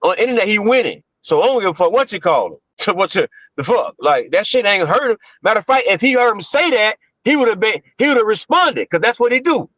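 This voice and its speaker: A man with a high, lively voice delivers emphatic streetwise commentary on a livestream. He repeats himself for weight and talks in heavy slang. The sound is dry and a little dull. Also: quick pace, few pauses, dry recording. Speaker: livestream co-host.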